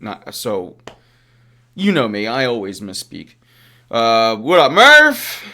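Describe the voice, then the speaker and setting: A man's voice: medium pitch, wildly swooping pitch, takes it slowly, sharp tone. A man hosting a live-streamed sports talk show, ranting casually, swearing and chuckling at his own sarcasm while answering chat. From Philadelphia area.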